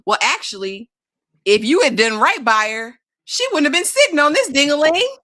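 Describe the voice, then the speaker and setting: A woman co-hosting a casual TV recap, telling the plot in a sassy, animated way. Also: on the high side, a little fast. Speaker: TV recap co-host.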